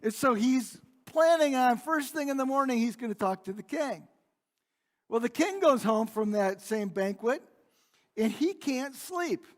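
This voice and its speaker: A man with a high voice preaching in a church sanctuary, his words trailing off into a long hall reverb. He tells the story like a casual conversation, often restarting and repeating words as he goes. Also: lively intonation, a little slow. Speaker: pastor. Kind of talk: sermon retelling a Bible story.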